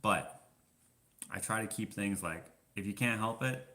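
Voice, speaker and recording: A man rambling through a casual live-stream chat with viewers, self-deprecating and quick to laugh. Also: fairly low pitch, pushed and bright. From Canada. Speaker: vlogger answering live chat.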